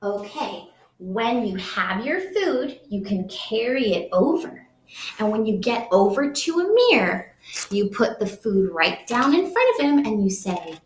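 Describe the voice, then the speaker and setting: A woman teaching young children, speaking slowly in an exaggerated, sing-song teacher voice during make-believe play. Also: mid-range voice, sing-song, roomy sound. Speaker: preschool teacher.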